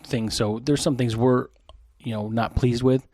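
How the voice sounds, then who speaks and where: A man's voice: mid-range voice, fairly even intonation, a little slow, darkish tone, dry recording, clean studio sound. A man co-hosting a beer podcast, joking crudely and laughing at his own gags in casual banter. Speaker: podcast co-host.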